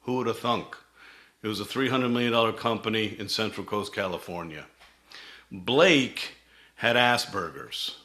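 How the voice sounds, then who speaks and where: A man's voice: lowish voice, sharp tone. A middle-aged man, a company CEO, telling his founding story in a vivid presentation that acts out quoted dialogue.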